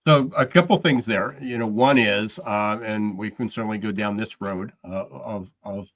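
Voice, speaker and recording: A man hosting a podcast interview, talking in a rambling, halting way with many restarts. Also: lowish voice, a bit bright. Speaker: podcast host.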